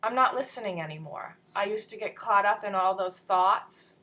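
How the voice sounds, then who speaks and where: A woman's voice: medium pitch, moderate pace, bright, forceful tone. A woman leading a casual morning video lesson from home, talking earnestly into her camera with many ums and some whispered asides. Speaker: spiritual study leader. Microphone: built-in camera mic.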